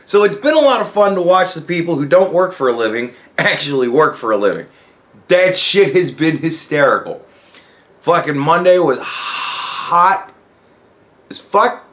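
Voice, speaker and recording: A man's voice: a little high, expressive, measured pace, a bit bright. A young man telling a work story in a casual, profane rant, acting out the dialogue. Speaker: vlogger.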